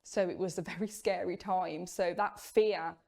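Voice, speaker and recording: Low-voiced woman telling her story. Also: fairly even intonation, creaky, darkish tone. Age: young adult. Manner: candid, measured storytelling with rueful laughs. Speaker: former Jehovah's Witness sharing her story. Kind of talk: personal testimony.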